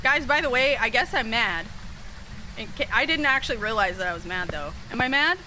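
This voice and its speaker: A woman streaming a horror game, chatting casually with viewers, sassy and swearing freely, with sudden excited yelps. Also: a little high, a little fast, a little hiss or hum, low-quality recording. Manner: bursts into excited yelps during scares. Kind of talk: casual live-stream chat over gameplay.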